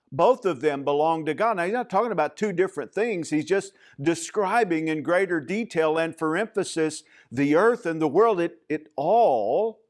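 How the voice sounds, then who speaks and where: A man preaching a sermon as pastor of a church, speaking in a measured, emphatic way with frequent fillers. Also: a little high.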